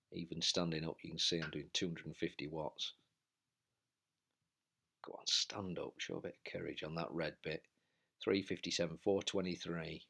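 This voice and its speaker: A man's voice: low voice, gravelly, a bit bright. A man commentating on his own indoor bike race as he rides, out of breath and urging himself on. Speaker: cycling vlogger. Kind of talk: live race commentary while riding.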